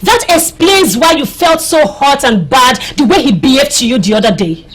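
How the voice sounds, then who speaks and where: A woman's voice: high voice, animated, moderate pace, fairly bright tone, husky, heavily acted. An actress with a Nigerian accent playing a playful, teasing young village woman gossiping with her friend in a Nollywood drama. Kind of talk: Nollywood film acting.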